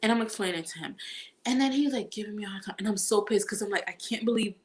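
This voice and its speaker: A woman's voice: medium pitch, fast talker. A woman in casual conversation, telling a long anecdote with lots of laughter and quoted back-and-forth. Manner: animated storytelling, acts out quotes, laughs often. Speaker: guest vlogger. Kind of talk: casual chat.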